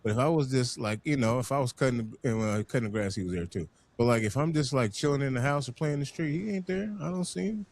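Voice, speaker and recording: A man hosting a community podcast, talking in an animated, emphatic way and often repeating words as he gets going. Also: medium pitch, fast talker, few pauses, a little hiss or hum. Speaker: podcast host. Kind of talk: casual panel conversation.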